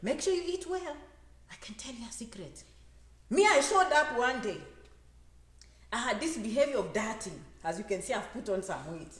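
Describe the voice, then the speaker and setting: A woman with a high voice gives an animated talk about immigration, playing out voices and hammering points home with repetition. Her voice rings through a roomy, echoing space. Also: normal speed. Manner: animated, acts out quoted voices, repeats phrases for emphasis. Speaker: immigration advisor and speaker. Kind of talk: lively motivational talk to an audience. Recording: echoey room.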